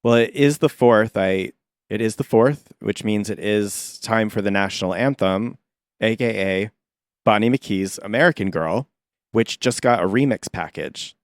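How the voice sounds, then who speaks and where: Male co-host, wry casual chat, lower voice. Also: a little slow, no echo, clean studio sound. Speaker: podcast co-host.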